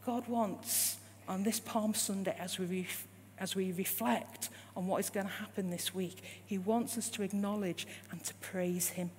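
A woman's voice: medium pitch, steady tone, measured pace, a little mellow. A woman preaching a sermon in a church, repeating her points and asking the congregation rising questions. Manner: rising rhetorical questions, emphatic repetition. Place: church hall. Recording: long hall reverb with faint hum.

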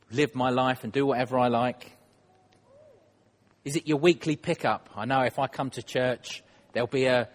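A man's voice: mid-range voice, in a large hall. A man preaching a sermon in church, conversational and self-deprecating, putting questions to the congregation.

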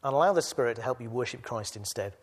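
A male preacher giving a sermon to a church gathering, moving between quiet reflection and loud exhortation. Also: mid-range voice, lively intonation, fast talker.

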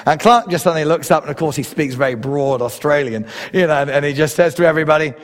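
An English man preaching a sermon, driving his points home with rising emphasis. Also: fast talker. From England. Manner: emphatic preaching with swells in pitch and loudness. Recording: long hall reverb.

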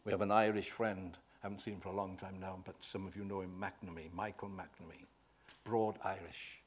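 A man preaching a sermon, swelling loud on key words and often asking the congregation "right?". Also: low voice, little pitch movement, moderate pace, husky.

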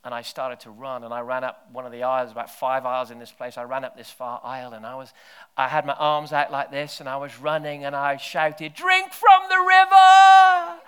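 A man preaching, his voice bright and forward. He tells stories, sinking into hushed near-whispers and then rising to loud shouted bursts. His pitch sits in the middle range. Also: flat delivery, brisk, clean tone. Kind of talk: sermon with storytelling.

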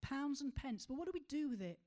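A woman preaching a sermon, asking rhetorical questions and slowing to stress key words. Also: high voice, expressive, warm tone.

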